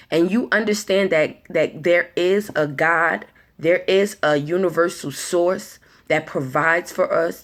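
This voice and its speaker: Low-pitched woman doing a motivation talk, earnest, keeps repeating and restarting words. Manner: acts out anxious inner voices in quick asides. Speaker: motivational speaker.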